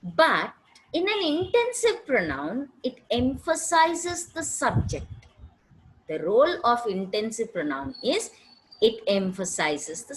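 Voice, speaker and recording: A woman teaching an English grammar lesson, explaining patiently and often checking with a quick question. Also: fairly high pitch, low-quality recording. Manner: patient, checks understanding with "right?".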